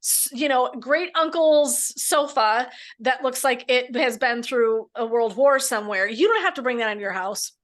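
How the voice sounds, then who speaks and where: Brief: middle-aged female co-host, chatty, laughs often, salty language, voice sitting a bit high. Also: moderate pace, few pauses. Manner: animated, laughing often, swearing freely. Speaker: podcast co-host, midlife coach. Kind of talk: casual chat.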